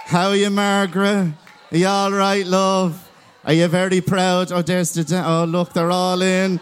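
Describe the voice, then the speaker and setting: A man's voice: sits high, steady tone, measured pace, a little hiss or hum. An Irish man hosting a live stage show, chatting and teasing the audience in a large venue before introducing the guest. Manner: chatty, teasing banter with the crowd. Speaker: master of ceremonies. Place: large concert venue, crowd present.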